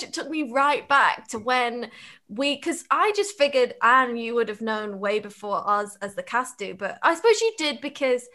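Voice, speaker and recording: A woman hosting an interview, asking questions with gushing, excitable enthusiasm. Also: on the high side, normal speed. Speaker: interviewer, podcast host and cast member. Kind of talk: casual interview chat.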